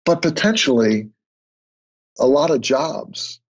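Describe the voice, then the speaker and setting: An older man, a podcast guest, chatting casually and telling stories with lively quoted dialogue. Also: fairly high pitch, takes it slowly, husky. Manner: storytelling, animated when quoting others. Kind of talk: conversational interview. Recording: muffled lo-fi remote audio.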